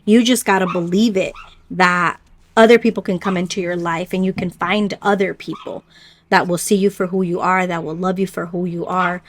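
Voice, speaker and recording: A woman doing a pick-a-card spiritual reading, gentle and reflective, speaking slowly to her viewers. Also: fairly low pitch, steady tone. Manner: unhurried with pauses and small stumbles. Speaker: oracle card reader.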